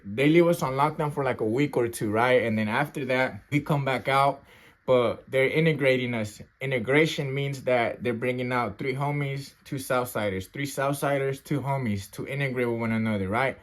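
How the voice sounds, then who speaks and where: A man's voice: medium pitch, moderate pace. A man telling a story casually in street slang, often tagging "right?" and "bro", and acting out sounds and gasps as he goes. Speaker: storyteller recounting his youth custody experience.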